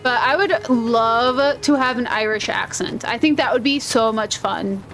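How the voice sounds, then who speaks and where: A woman's voice: on the high side, unhurried, fairly bright tone, faint music behind. A woman with a Minnesotan accent, chatting in a rambling, playful way while she plays a video game. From Minnesota, USA. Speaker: gaming video host. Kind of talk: casual chat over gameplay.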